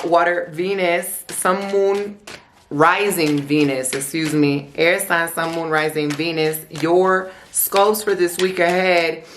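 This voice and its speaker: A woman's voice: on the low side, fairly bright tone, a little hiss or hum. A woman giving a weekly tarot forecast in a chatty, slangy way, repeating phrases and adding playful asides. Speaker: tarot reader.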